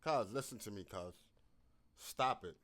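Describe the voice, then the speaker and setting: A man's voice: on the low side, a little slow, fairly bright tone. A man commenting over a played phone call, scolding and mocking in casual street talk.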